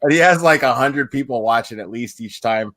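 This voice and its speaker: Excitable stammering man on a stream. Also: medium pitch, fairly quick, no room sound. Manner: excitable, stammering restarts, swears freely. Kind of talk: casual livestream chat.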